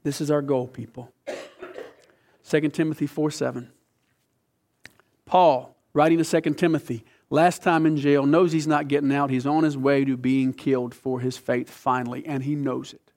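A man of medium pitch preaches at normal speed in a level tone, stressing his points, moving from loud phrases to near whispers, and putting teacher-like questions to those listening.

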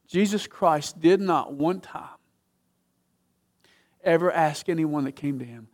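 A man preaches and tells a story, his voice sitting a little high for a man. He swings between loud, emphatic peaks and hushed, low-spoken passages. His delivery is dramatic and full of emphasis. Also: slow pace, pauses often. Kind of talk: sermon storytelling.

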